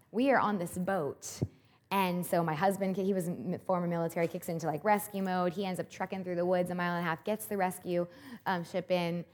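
A woman in her thirties giving an earnest devotional talk, telling a story with animation. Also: lowish voice. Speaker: speaker at a Christian event.

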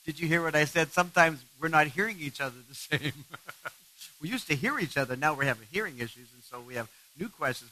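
A man giving a sermon-style talk on marriage, animated and self-mocking, laughing often. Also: a little high, fast talker, rough recording. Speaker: marriage speaker.

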